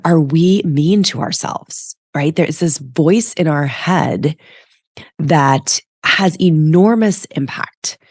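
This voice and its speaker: Low-voiced stuffy woman podcast host. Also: darkish tone, no echo, clean studio sound. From United States. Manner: chatty, frequent "like" and "right?". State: stuffy from allergies. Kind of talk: casual solo podcast talk.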